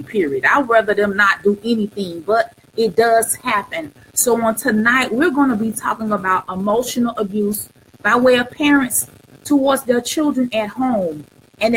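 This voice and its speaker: A woman's voice: a little high, normal speed, a little hiss or hum, poor audio. A middle-aged woman hosting a live talk show, sharing her own story in an earnest, preacher-like way and repeating phrases for emphasis. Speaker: host.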